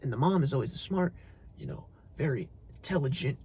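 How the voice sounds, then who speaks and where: A man's voice: mid-range voice, expressive, fairly quick, mellow, husky, no room sound. A young man giving a blunt, profane motivational rant, preaching tough love and calling the listener bro. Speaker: motivational content creator.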